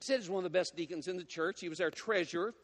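High-voiced preacher in an echoing hall. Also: male voice, fast talker. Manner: folksy, animated, teasing the congregation. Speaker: guest preacher. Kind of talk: sermon with storytelling. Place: church sanctuary.

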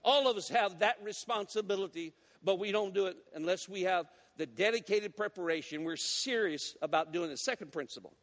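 High-voiced preacher in an echoing hall. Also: male voice, normal speed, few pauses. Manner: folksy, animated, teasing the congregation. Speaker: guest preacher. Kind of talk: sermon with storytelling. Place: church sanctuary.

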